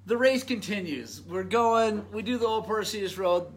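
A middle-aged man casually telling a race story, animated and self-mocking, laughing often. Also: high-pitched, a little slow. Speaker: off-road motorcycle racer telling a race story.

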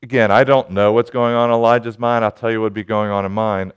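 A man preaching a sermon in an earnest manner, rising to urgent pleading and dropping to quiet reflection. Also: fairly low pitch, fairly even intonation, quick pace, clean tone, highs cut off. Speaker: pastor.

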